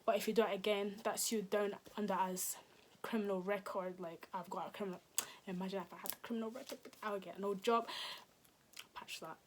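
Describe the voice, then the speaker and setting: Animated young woman telling a storytime. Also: medium pitch, brisk, a little hiss or hum. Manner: animated, dramatic storytelling with slang and swearing. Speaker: vlogger. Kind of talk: storytime vlog.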